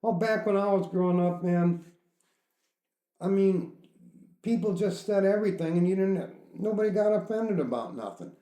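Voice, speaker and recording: A man's voice: high voice, normal speed, mellow. A middle-aged man hosting a casual podcast, blunt and profane, laughing often. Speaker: podcast host. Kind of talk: casual crude chat. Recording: echoey room.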